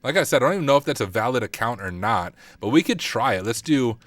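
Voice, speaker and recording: A man's voice: medium pitch, animated, fast talker, a bit bright. A man streaming a casual hacking walkthrough, thinking aloud and teasing himself as he types. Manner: thinks aloud, self-deprecating, mutters while typing. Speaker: cybersecurity streamer.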